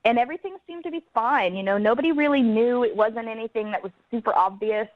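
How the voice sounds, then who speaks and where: A female caller tells her story in a chatty, giggly way, her slightly high voice coming through a dull phone line. The sound is dry, with no room around it. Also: quick pace, no echo. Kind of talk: phone-in chat.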